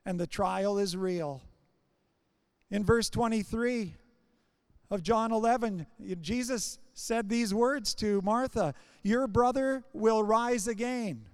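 A man's voice: high voice, clear, resonant tone, no echo, clean studio sound. A man preaching a sermon, building his points in short, repeated phrases.

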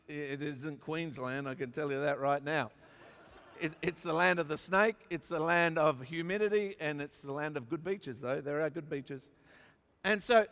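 High-voiced Australian preacher, echoing hall. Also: male voice. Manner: emphatic, joking, rises to shouts. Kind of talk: sermon. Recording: long reverb of a large hall.

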